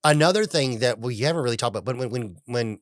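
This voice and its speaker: A man talking casually on a podcast, retelling film scenes with animated energy and slipping into the characters' voices. He swears freely, and the recording is dry and close with no room sound. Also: mid-range voice, fast talker, dry recording. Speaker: podcast guest.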